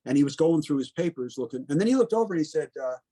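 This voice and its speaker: A man's voice: on the high side, lively intonation, fast, mellow. A man in his seventies from Connecticut, a veteran telling his story in a plainspoken, blunt way, often in the present tense and with plenty of "you know". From Connecticut, USA. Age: 70s. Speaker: veteran interviewee. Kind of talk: oral history storytelling.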